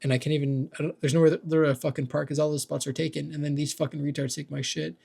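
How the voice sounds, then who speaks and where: A man's voice: on the high side, little pitch movement, fast talker, creaky, a little mellow, slightly rough. A young man ranting casually about his neighbors, rambling and swearing, with "like" and "dude" in every sentence. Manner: rambling, profane, heavy use of "like" and "dude". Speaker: vlogger. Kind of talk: casual rant.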